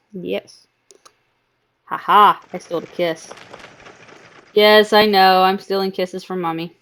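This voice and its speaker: A woman's voice: mid-range voice, steady tone, takes it slowly, long pauses, fairly bright tone. A woman live streamer playing a game and chatting in doting baby talk to her cat. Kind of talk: casual chat while gaming.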